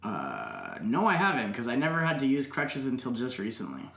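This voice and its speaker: A man co-hosting a podcast in casual chat, throwing in short jokey interjections and deadpan quips. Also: mid-range voice, normal speed, vocal fry, reverberant. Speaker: podcast co-host.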